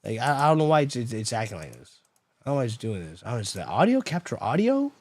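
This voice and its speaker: A man talks casually to his viewers as he fights with broken streaming software, venting and muttering to himself. His pitch swings widely, leaping up in outbursts and sinking into low grumbles. The sound is dry and close, with no room around it. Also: big pitch swings, fairly quick, dry recording. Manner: frustrated, exasperated, swings between loud outbursts and muttering; chats with viewers while troubleshooting. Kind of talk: casual live-stream chat.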